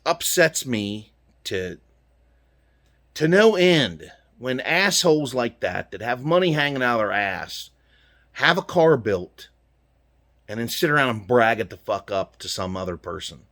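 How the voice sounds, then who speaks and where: This American vlogger's voice is medium-pitched, sing-song and a bit bright, and he takes his time even while venting. Inside his truck he rants at viewers with heated, punchy swearing.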